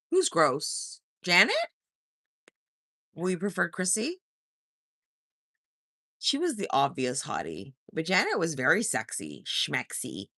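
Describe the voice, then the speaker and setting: Teasing chatty woman on a livestream, bright voice, dry close sound, laughs and sings bits. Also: low voice, huge pitch swings, takes it slowly, vocal fry, long pauses, dry recording. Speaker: livestream host. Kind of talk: casual live chat reading comments.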